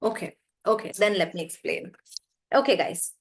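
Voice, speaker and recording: A woman's voice: medium pitch, expressive, normal speed, breathy edge. A woman teaching English pronunciation in an online class, explaining patiently, stretching stressed syllables to demonstrate and calling on students by name. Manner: calls on students by name, asks "right?".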